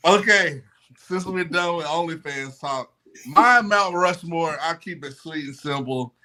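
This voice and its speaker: A man co-hosting a sports talk show, laying out his picks in a relaxed, playful way. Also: fairly high pitch, unhurried. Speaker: podcast co-host.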